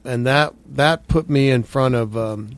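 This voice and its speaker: A man's voice: mid-range voice, unhurried, dry recording. A middle-aged male actor, a guest on the show, telling career stories in a casual, conversational way and often stammering over repeated words.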